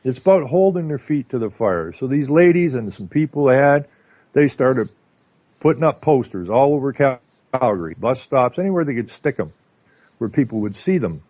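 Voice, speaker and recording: A Canadian man talking casually as a radio guest, telling stories in an animated way with lots of filler words. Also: medium pitch, moderate pace, dry recording. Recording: dull lo-fi line.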